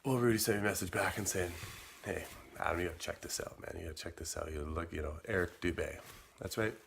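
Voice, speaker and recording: Middle-aged male vlogger, deep low voice, loose rambling storyteller who repeats himself. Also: quick pace, creaky, a bit bright, slight background noise. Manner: rambling, repeats words, quotes his own messages. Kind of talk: casual storytelling monologue.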